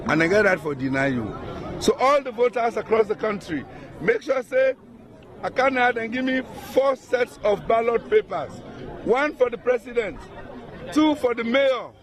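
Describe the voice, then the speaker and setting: A man with a Krio-influenced Sierra Leonean accent speaks in a strikingly high voice, pressing his points and repeating himself for emphasis. He is a presidential candidate talking in an impromptu interview. The chatter of a crowd carries clearly behind him outdoors. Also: animated, moderate pace. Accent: Sierra Leonean Krio-influenced English. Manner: insistent, repetitive, emphatic. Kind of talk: impromptu election-day interview. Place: outdoors in a town.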